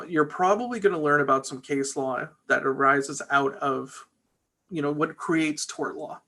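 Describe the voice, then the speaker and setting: Man, trial lawyer, guest, energetic, bright tone, higher voice. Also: gravelly. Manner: chatty, energetic storyteller. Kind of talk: casual interview talk.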